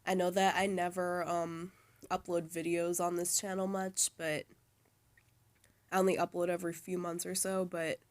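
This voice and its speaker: Young woman rambling casually, low flat voice. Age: young adult. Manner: rambling, full of fillers and restarts. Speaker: vlogger. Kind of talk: casual chat. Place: college dorm room, sitting on her bed.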